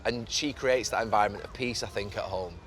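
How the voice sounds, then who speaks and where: A man's voice: fairly low pitch, brisk, fairly bright tone, a little hiss or hum. A man from the north of England, talking earnestly in a casual conversation while walking and repeating words as he thinks. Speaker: podcast host and pundit. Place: city park outdoors with traffic.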